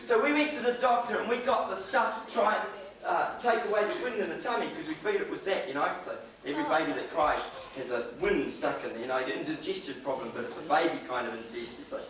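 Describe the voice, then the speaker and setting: A man's voice: a little high, fast talker, few pauses, a crowd in the background. A middle-aged man, preaching a sermon and telling humorous stories from his family life. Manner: storytelling with humor, acts out quoted voices. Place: church hall. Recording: echoey hall, distant mic, audible noise.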